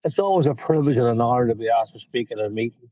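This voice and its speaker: A man's voice: medium pitch, racing, mellow, dry recording, highs cut off. Northern irish man speaking from his car. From Northern Ireland. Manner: candid, storytelling, self-mocking. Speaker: guest speaker at a recovery meeting. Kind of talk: personal recovery talk. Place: parked car.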